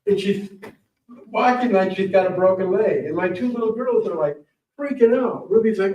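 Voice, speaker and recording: Telling meandering, spirited stories to an audience, a guest speaker known as a morel hunting champion keeps things casual and anecdotal. He speaks at a moderate pace in a high register. The setting is a library meeting room, and the room recording sounds dull, roomy and far off.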